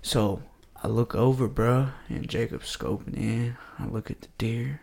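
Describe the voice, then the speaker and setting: A man's voice: fairly low pitch, normal speed, gravelly, few pauses, darkish tone. A man on a podcast telling a hunting story in casual, profane slang, acting out the quoted lines and dropping to a whisper for them. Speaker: podcast co-host.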